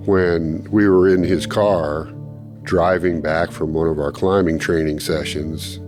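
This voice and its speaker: An older man, interviewed, recounting a personal story and acting out what others said in lively bursts. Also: deep voice. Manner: animated storytelling, acting out quoted speech. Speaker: interviewee, former ministry student.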